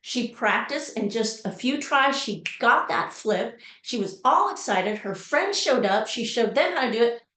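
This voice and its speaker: A woman tells a personal story in a motivational talk. Her voice sits a little high, and she acts out the people she quotes with lively expression. The sound carries a roomy echo. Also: unhurried, hardly any pauses. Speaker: motivational speaker.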